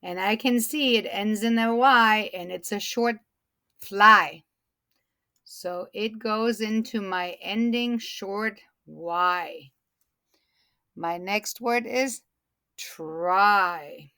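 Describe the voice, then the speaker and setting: A woman teaching a phonics lesson to young students, saying each word slowly and repeating it so they can hear the sounds. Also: mid-range voice, fairly bright tone, dry recording, studio quality. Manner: slow, deliberate, stretches and repeats words.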